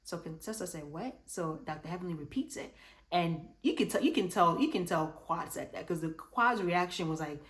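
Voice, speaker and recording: A woman casually recapping a reality show episode, chatty and animated, acting out what the cast said. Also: fairly low pitch, normal speed. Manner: chatty and animated, acts out quotes. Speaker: reality TV reviewer.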